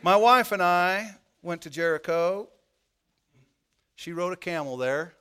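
Male pastor preaching, fired up then quiet, folksy, kinda high voice. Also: animated, a little slow, clean tone. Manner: impassioned, swings from hushed to loud preaching; folksy, joking asides. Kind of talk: sermon.

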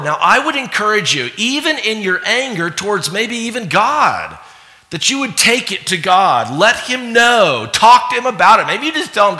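A pastor with a high voice preaches animatedly to his congregation, acting out little voices and laughing often. The recording carries a long hall reverb.

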